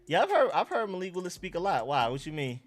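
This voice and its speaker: A young man from Georgia with an Atlanta accent hosts a casual live stream, reacting to chat and talking to his dog. His voice sits high, he's very animated and talks fast, and faint music plays behind him.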